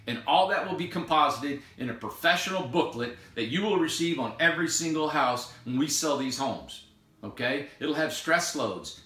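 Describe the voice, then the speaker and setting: Earnest middle-aged man, bright voice. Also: fairly high pitch. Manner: earnest, rambling, emphatic repetition. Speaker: owner and builder of a tiny home company. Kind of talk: unscripted live video monologue. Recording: echoey room.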